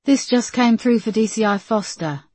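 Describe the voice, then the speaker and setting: A woman's voice: on the high side, moderate pace, a little mellow, husky, dry recording, voice pushed up. A woman voicing a young male police officer bringing urgent news.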